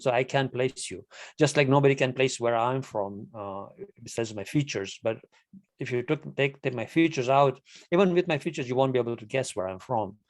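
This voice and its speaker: A man from Kenya hosts an online club meeting over a video call. He talks in a friendly, chatty way and often stutters over repeated words. His voice sits in a middle pitch with a dry, close sound. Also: no room sound. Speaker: meeting host. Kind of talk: casual video-call hosting.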